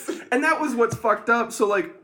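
A man's voice: very high-pitched, normal speed, bright, forceful tone. A man casually telling a long, profane story on a podcast and laughing often as he talks. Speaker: podcast co-host.

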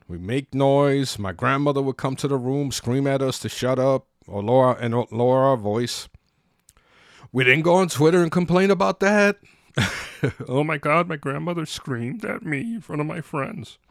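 Guy podcasting, ranting hard, swears a lot, totally dry close sound, regular pitch. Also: no room sound. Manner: blunt, profane, exasperated. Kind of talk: ranting monologue.

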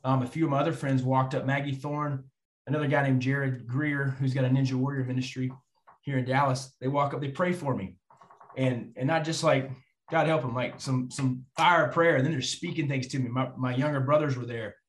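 A man telling a personal faith story to an audience, animated and acting out the voices of people in it. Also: medium pitch, brisk. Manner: animated, acts out quoted voices. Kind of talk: storytelling testimony. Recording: roomy echo.

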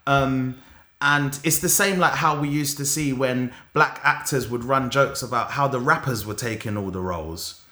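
A man co-hosting a podcast, chatting in an animated, opinionated way. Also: mid-range voice, normal speed. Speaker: podcast co-host. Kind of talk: casual chat. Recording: roomy echo.

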